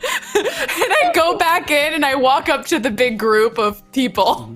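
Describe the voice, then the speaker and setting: A woman's voice: high-pitched, very animated, unhurried, a bit bright. A woman playing in a tabletop role-play game, talking through laughter and hesitations. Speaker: player.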